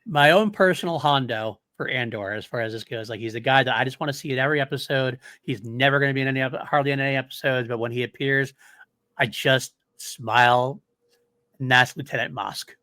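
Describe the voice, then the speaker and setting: A man's voice: medium pitch, a little fast, sharp tone, clean tone, dry recording. Male podcast host, casual and rambling, mid-range voice, dry close sound. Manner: enthusiastic, rambling, laughs often. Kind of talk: casual chat.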